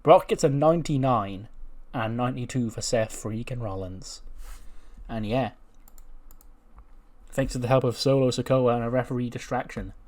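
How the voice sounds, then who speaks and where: A man's voice: mid-range voice, normal speed, darkish tone. A man hosting a game channel, narrating a simulated wrestling show in a loose, chatty, mildly profane way. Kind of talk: casual let's-play narration.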